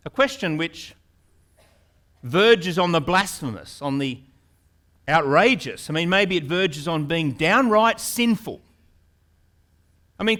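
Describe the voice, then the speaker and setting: A male pastor preaching a sermon in an earnest manner, repeating words and rising into loud, pleading questions. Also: high-pitched.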